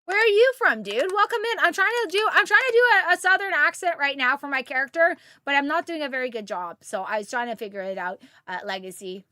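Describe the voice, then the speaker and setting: Bright, excitable streamer woman. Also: high voice, fast talker, few pauses, no echo. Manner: chatty, excitable, reads chat aloud. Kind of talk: casual chat while gaming.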